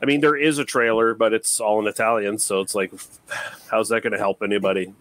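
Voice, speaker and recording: A man's voice: fairly low pitch, steady tone, brisk, fairly bright tone, slight background noise. A man co-hosting a movie podcast in casual chat, loose and rambling, with many fillers and trailing remarks. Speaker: podcast co-host.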